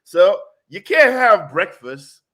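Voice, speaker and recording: A man hosting a casual food chat, hyped and talkative, full of "you know" and "boom". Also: big pitch swings, slow pace, sharp tone. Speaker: show host. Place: South Florida.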